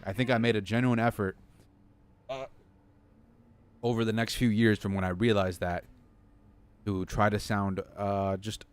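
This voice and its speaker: A man's voice: on the low side, slight background noise. A young man rambling and poking fun at himself as he chats to his viewers during a game stream at his home desk. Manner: rambling, self-deprecating, talks to chat. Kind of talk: rambling live-stream chat.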